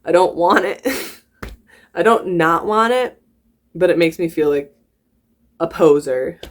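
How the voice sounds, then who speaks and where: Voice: mid-range voice, animated, slow pace. A YouTuber talking casually to camera in a put-on American country accent, rambling and giggling between thoughts. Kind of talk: casual reaction vlog.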